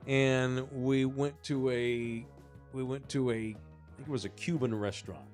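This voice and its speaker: A man hosting a sports podcast, telling a story in a casual, animated way, swearing and acting out the voices of the people in it. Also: mid-range voice, measured pace, faint music behind. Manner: animated, profane, acts out the people in his story. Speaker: podcast host.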